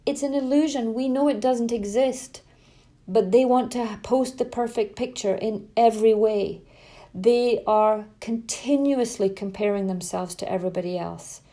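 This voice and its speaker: A woman's voice: a little high, moderate pace, mellow. A middle-aged woman talking to parents as a parenting coach, speaking emphatically and repeating words for stress. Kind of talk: earnest spoken talk to parents.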